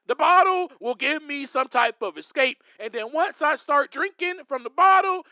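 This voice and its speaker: Emphatic high-voiced man preaching to listeners. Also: expressive, normal speed, hardly any pauses, no room sound, studio quality. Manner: emphatic, preacher-like, with sudden loud bursts; addresses listeners directly as friends. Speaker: podcast host. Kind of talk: faith-based podcast monologue.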